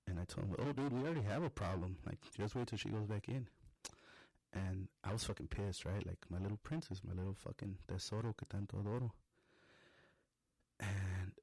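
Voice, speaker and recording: Deep gravelly man telling a story. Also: no room sound. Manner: profane, rambling, animated storytelling. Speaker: podcast host. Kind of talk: casual storytelling monologue.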